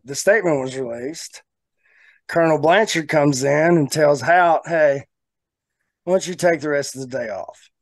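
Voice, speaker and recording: A man co-hosting a podcast, telling a long story in a casual, animated way and laughing often. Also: fairly high pitch, no echo. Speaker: podcast co-host.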